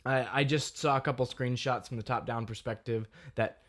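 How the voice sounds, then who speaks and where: A man's voice: mid-range voice, steady tone, a little fast, a bit bright. A young man co-hosting a gaming podcast in casual, rambling chat, laughing often. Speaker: podcast co-host.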